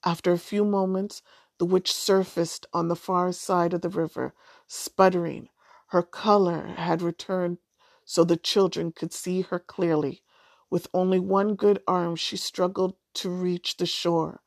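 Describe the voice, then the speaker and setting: A woman narrating a children's storybook in a measured, even way. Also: lowish voice, creaky, dry recording, studio quality. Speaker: audiobook narrator.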